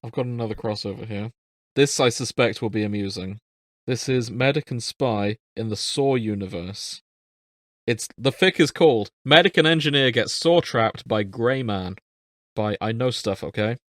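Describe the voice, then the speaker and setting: A man's voice: medium pitch, normal speed, a bit bright, no room sound, studio quality. A man co-hosting a casual podcast chat, joking and laughing at himself. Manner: laughing, self-deprecating banter. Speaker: podcast co-host.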